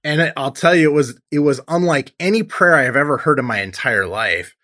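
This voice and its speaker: A man's voice: fairly high pitch, brisk, bright, forceful tone. A man in his forties, a tattoo artist, giving a heartfelt personal testimony in an interview, acting out what he once said. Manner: earnest storytelling, acts out his own past lines.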